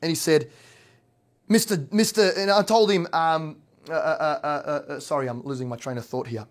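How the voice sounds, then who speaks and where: A man's voice: a little high, fairly even intonation, fairly quick. An Australian man talks through a casual slideshow presentation. He rambles, fills gaps with ums and uhs, and keeps asking "right?" to check in with his listeners. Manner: rambling, heavy on fillers and tag questions. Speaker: real estate investor and brokerage owner.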